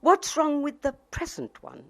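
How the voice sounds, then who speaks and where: A woman's voice: sits high, huge pitch swings, a little slow, voice pushed up, full character voice. A woman reading as a smug, scornful male official. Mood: mocking. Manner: mocking, condescending.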